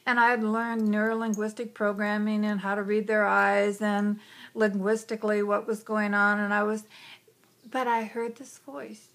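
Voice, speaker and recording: A woman's voice: mid-range voice, level tone, moderate pace, a bit bright. A woman, a psychic hypnotist, telling a personal story in a chatty way, often saying "you know" and whispering some quotes. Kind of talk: conversational storytelling.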